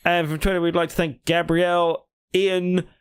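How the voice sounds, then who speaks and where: A British man co-hosts a casual gaming podcast, adding dry little asides. His voice sits a touch high. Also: little pitch movement, moderate pace, smooth. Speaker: podcast co-host. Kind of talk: casual chat.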